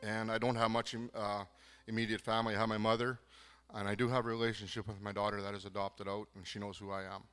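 Low-voiced man giving a halting testimony. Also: level tone, a bit bright, clear, resonant tone, long reverb tail, soft background music. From southern Manitoba, Canada. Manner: halting, hesitant, many restarts; earnest, moved. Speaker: program participant giving testimony. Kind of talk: personal faith testimony.

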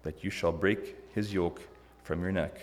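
A man reading scripture aloud in an earnest, measured way, stumbling now and then. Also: low voice, fairly even intonation, long reverb tail. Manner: earnest, measured with some slips. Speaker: scripture reader.

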